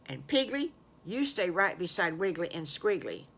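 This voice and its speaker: An older woman voicing a caring mother pig who speaks softly and earnestly as she gives instructions to her piglets. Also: lowish voice, sing-song, normal speed, breathy edge, full character voice. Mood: firm.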